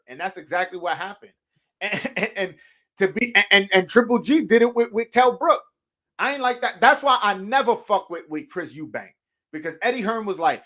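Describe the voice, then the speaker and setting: A man's voice: high-pitched, expressive, normal speed, fairly bright tone. A man hosting a call-in boxing show, talking casually and animatedly, cursing freely, laughing and restarting often. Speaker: podcast host.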